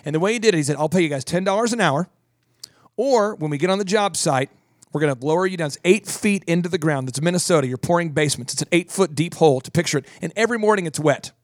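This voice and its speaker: A male podcast host and business coach tells a story with energy and humor, jokey and animated, tossing in quick voices as he goes. His voice sits a little high, he talks casually and chattily, and the recording is close and dry.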